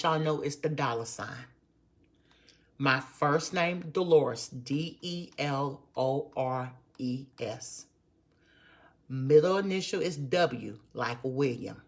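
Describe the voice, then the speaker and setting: A woman, giving a live-stream motivational talk as a network marketer and speaking with emphatic repetition to her viewers. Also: extremely low pitch. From Texas. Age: 50s. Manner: emphatic, repetitive, preachy, addresses viewers as y'all.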